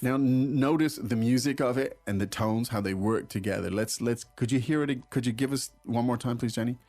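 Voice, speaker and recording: A man hosting a language lesson, explaining phrases in a relaxed way with fillers and restarts. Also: medium pitch, a little fast. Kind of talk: casual teaching chat.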